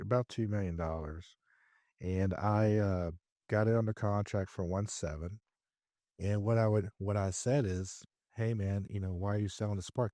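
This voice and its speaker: A man as a podcast guest, telling a business story in a lively way and acting out his own dialogue. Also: on the low side, no echo. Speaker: podcast guest, real estate investor. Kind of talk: conversational storytelling interview.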